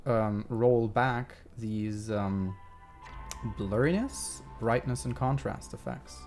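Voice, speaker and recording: A man's voice: on the low side, takes it slowly, darkish tone, soft background music. A man live-streaming his video editing, talking casually and thinking aloud with many fillers.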